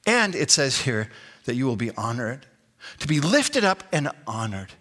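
A man's voice: mid-range voice, fairly bright tone. A pastor in his sixties preaching a sermon, emphatic, repeating key phrases with a rising inflection. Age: 60s.

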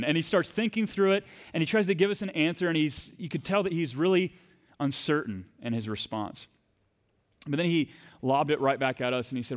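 Male pastor, thirties, slightly high-pitched, conversational sermon delivery building to fervent peaks. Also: a little fast. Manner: conversational storytelling preacher, rising to fervent emphasis.

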